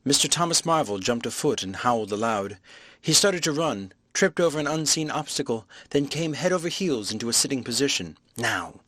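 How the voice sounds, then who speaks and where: A man reads a classic novel aloud in a measured, expressive way, his voice in the middle range. The recording is dry and close, with no room sound. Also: medium pitch, dry recording. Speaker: audiobook narrator. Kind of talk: scripted audiobook narration.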